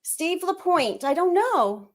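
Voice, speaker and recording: A woman's voice: very high voice, very animated, slow pace. A woman from New England with a New England accent, chatting casually on a livestream and laughing along.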